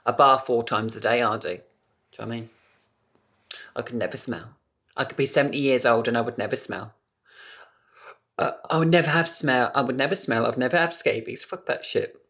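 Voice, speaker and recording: A camp British man chats into his phone camera from home in a loose, unscripted vlog. He is animated and talkative, and drops swear words freely. His pitch sits in the middle of the male range. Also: fairly quick, long pauses. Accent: British English. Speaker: vlogger. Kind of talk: casual vlog chat to camera.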